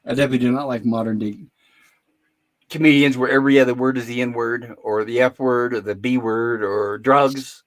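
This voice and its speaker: Brief: older male host, opinionated, rambling storyteller, mid-pitched voice. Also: fairly even intonation, fairly quick, low-quality recording. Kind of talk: casual chat, storytelling.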